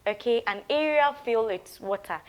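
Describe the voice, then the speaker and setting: Woman, kindergarten TV teacher, animated, fairly high voice. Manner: sing-song, drawn-out words for children to repeat. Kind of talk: TV lesson for young children.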